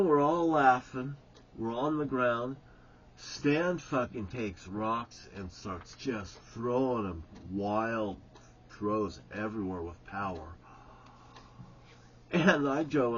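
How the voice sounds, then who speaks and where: A man's voice: mid-range voice, husky, muffled recording. A man telling an old story casually, rambling and swearing freely, often breaking into chuckles.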